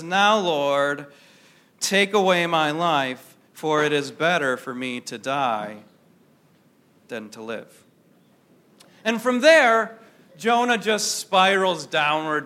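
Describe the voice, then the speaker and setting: A man's voice: high-pitched, sharp tone. A man preaching a sermon to a congregation in a conversational way, often asking his listeners questions. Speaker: pastor.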